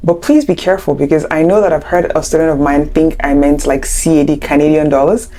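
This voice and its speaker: Woman, young adult, language teacher, chatty explanations, playful asides, low voice, warm tone. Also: fairly even intonation, quick pace, soft background music. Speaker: French teacher. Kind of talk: online language lesson.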